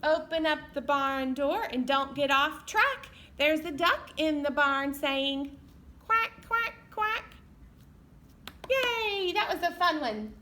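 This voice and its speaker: A woman's voice: high-pitched, unhurried, few pauses, bright, forceful tone. A woman librarian leading a baby storytime, cheery and encouraging, singing songs and making animal sounds. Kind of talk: sing-along storytime for babies.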